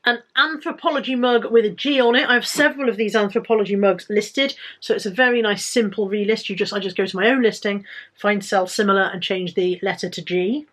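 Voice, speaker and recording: A woman's voice: mid-range voice, brisk. A British woman vlogging casually about items she bought to resell, chatty and rambling with self-corrections. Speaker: resale vlogger. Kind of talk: casual haul vlog.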